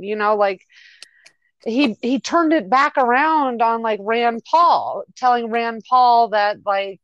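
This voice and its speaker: A woman talking bluntly as a podcast co-host and swearing without hesitation. She speaks very slowly in a fairly high voice, and her audio comes through dry and muffled. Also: a bit bright. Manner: blunt, profane, slow-talking. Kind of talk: casual chat.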